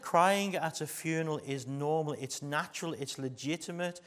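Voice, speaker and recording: An English-accented man with a rather high voice preaches at normal speed, barely pausing. As pastor, he shifts from loud emphasis to soft intimacy and often asks the congregation rhetorical questions.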